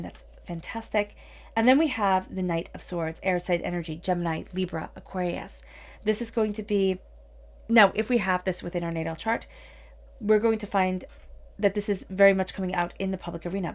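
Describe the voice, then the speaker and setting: A woman giving a solo tarot reading in an earnest, encouraging manner, with many "you know"s. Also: fairly low pitch. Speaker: tarot reader.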